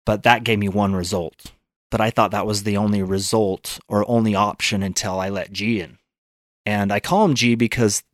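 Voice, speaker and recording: A man's voice: on the low side, no room sound, studio quality. A man telling a personal story as a podcast guest, earnest, acting out his own thoughts in quotes.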